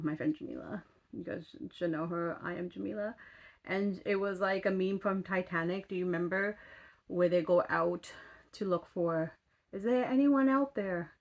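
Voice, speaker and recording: Woman, thirties, lower voice, casual vlog chat, exasperated, swears, filler-heavy. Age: 30s. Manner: chatty, exasperated storytelling full of fillers. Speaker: vlogger.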